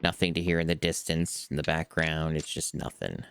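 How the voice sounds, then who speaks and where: A man's voice: very deep voice, level tone, normal speed, gravelly, a bit bright, clean tone. A man streaming a playthrough of a game, talking casually in a dry, self-deprecating way and swearing often. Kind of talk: casual gameplay commentary.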